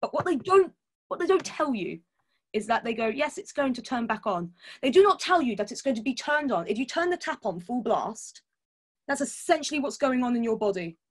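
A woman's voice: a little high, very animated, a little fast, slightly rough. A woman chatting candidly as a podcast guest, laughing often and swearing casually. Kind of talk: casual chat.

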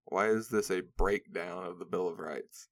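Speaking at a moderate pace in a low, steady voice, a young man hosts a solo podcast. The chat is casual and meandering, peppered with swearing and plenty of laughs.

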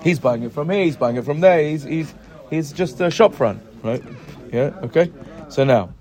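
A man teaching a Gemara class, explaining and checking with his students with frequent "right?" questions and halting restarts as he reads the text. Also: on the high side, lively intonation, darkish tone. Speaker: Talmud teacher. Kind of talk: Gemara class mixing English and Hebrew terms.

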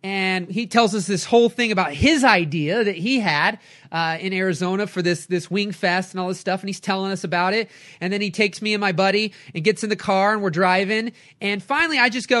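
A middle-aged man, a coach and podcast host, giving an energetic motivational talk with lively storytelling. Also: sits high, brisk. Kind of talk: motivational talk, live stream.

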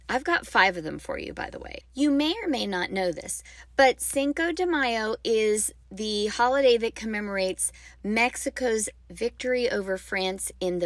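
A woman's voice: mid-range voice, fairly bright tone, no room sound, studio quality. A woman hosting a podcast for music teachers, talking in a chatty, enthusiastic way and wandering off on side notes. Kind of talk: casual podcast talk.

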